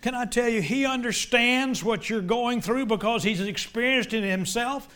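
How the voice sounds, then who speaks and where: Impassioned high-voiced male preacher. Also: moderate pace. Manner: impassioned, swings between loud emphatic lines and quiet low ones. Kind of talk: sermon.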